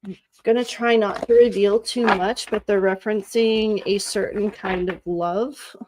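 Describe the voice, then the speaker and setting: A woman's voice: medium pitch, fairly even intonation, measured pace, noisy background. A woman hosting live psychic card readings. She talks to viewers in a chatty, sympathetic way, calls them honey, and reads card meanings aloud as lists. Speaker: psychic reader and channel host.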